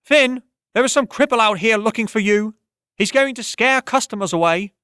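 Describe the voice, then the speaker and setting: A man voicing a brash, impatient tavern singer woman who talks in a sharp, scolding way. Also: sits high, moderate pace, smooth, no room sound, studio quality, voice pushed up.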